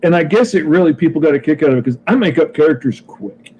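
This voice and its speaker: Brief: easygoing comic-creator co-host, enthusiastic, slightly raised pitch, faint noise. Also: male voice, animated, fast talker, highs cut off. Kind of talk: casual podcast chat.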